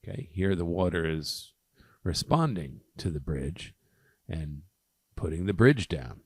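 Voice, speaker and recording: A man's voice: low-pitched, expressive, measured pace, breathy edge, dry recording. A man tutoring, walking through a poem line by line, with frequent ums and okays as he explains. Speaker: test prep tutor. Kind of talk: poem walkthrough lesson.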